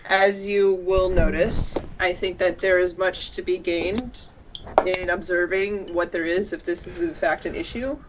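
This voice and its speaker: A woman playing a tabletop game, speaking in a measured, slightly hesitant way. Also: on the low side, dull audio, noisy background. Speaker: player.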